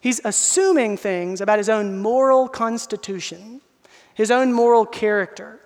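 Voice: medium pitch, normal speed, a little mellow, big-room sound. A pastor preaching an expository sermon, earnest and emphatic, speaking directly to the listeners.

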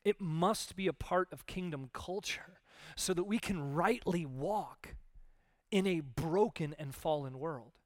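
Male pastor, sermon delivery, casual and animated, slightly raised pitch, dry close sound. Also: dry recording. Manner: conversational, animated, acts out quoted voices.

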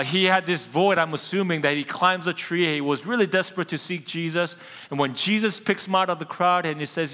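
Male pastor, high and bright, conversational sermon with a long church-hall echo. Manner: casual, conversational preaching that addresses the congregation directly.

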